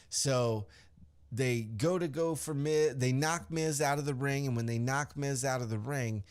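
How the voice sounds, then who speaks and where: With a medium-pitched, darkish, clean voice that stays steady at normal speed, this podcast host meanders through a recap of a wrestling show. He uses fillers, swears a little, and casually performs the quotes he mentions.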